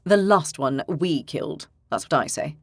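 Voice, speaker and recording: A woman voicing a brash, boastful young male dragon hunter in an audiobook, pitched a little lower than her narration. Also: animated, moderate pace, no room sound, clean studio sound. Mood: blunt. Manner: boastful, blunt.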